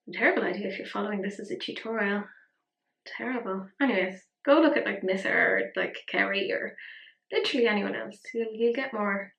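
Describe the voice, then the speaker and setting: A woman's voice: mid-range voice, fairly bright tone, highs cut off. A woman chatting casually through a makeup tutorial, rambling and poking fun at herself. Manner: chatty, self-mocking, rambling asides. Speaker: makeup vlogger. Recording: roomy echo.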